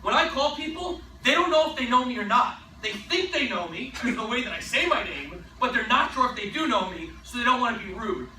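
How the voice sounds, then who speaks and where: A man giving a sales training talk, energetic and emphatic, often tossing in a rhetorical "right?". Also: very high-pitched, brisk, hardly any pauses, reverberant, recorded from a distance, a little hiss or hum, low-quality recording.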